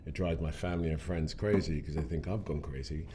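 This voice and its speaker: An actor in his forties chatting in an interview, relaxed and unhurried. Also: extremely low pitch. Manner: relaxed, laid-back, unhurried. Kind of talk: casual interview chat. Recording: faint background noise.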